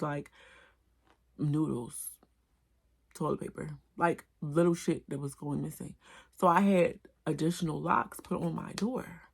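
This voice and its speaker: A woman tells a storytime in a low, gravelly voice. She talks in animated, slangy bursts full of cussing. She tells it loose and casual to her camera. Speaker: vlogger. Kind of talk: storytime vlog.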